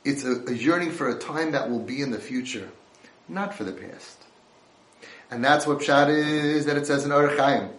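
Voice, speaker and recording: A man's voice: medium pitch, moderate pace, a bit bright, roomy sound. A man giving an impassioned Torah lecture, mixing in Hebrew and Yiddish terms.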